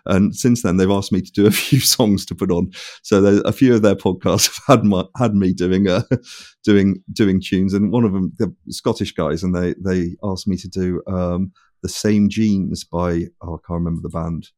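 A man's voice: low-pitched, fairly even intonation, moderate pace, hardly any pauses, darkish tone. A man guesting on a podcast, telling self-deprecating stories in a casual chat and laughing often.

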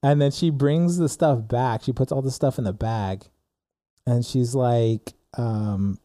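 A man's voice: medium pitch, measured pace, mellow, no room sound. A young man telling a story in casual chat, acting out the dialogue with lots of filler words. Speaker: podcast co-host telling a story.

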